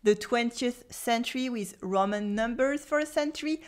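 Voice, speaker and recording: A French woman teaching a French pronunciation lesson, speaking carefully and pausing for the listener to repeat words after her. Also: a little high. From France. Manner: slow, careful drills with repeat-after-me pauses.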